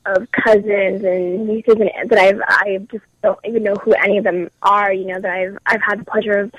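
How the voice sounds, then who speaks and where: A young adult woman, a guest musician, talking casually in an interview with frequent ums and pauses. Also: medium pitch, level tone, fairly bright tone, slightly rough, dry recording, dull audio. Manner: hesitant, lots of ums and uhs.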